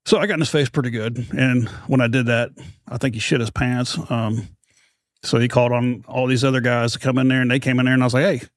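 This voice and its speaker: Being interviewed, this middle-aged podcast host from the United States spins a rambling, self-deprecating tale, voicing the other people in it. He talks fast in a steady, mid-range voice, captured in a dry, clean studio recording.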